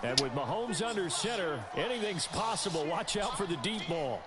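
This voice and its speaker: A man's voice: sits high, lively intonation, normal speed, very noisy. A man voicing a polished football play-by-play announcer in a video game. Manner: smooth broadcast delivery. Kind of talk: scripted sports commentary.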